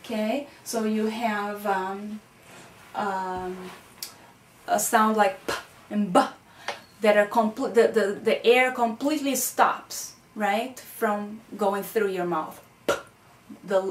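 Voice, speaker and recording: A woman's voice: mid-range voice, slow pace. A woman teaching a recorded phonetics lesson, explaining patiently and checking in with "okay?" and "right?".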